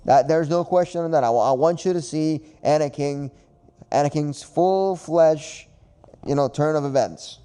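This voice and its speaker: A man's voice: on the high side, moderate pace, mellow, smooth. A man hosting a podcast in casual chat, rambling and repeating himself with frequent laughs. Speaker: podcast host.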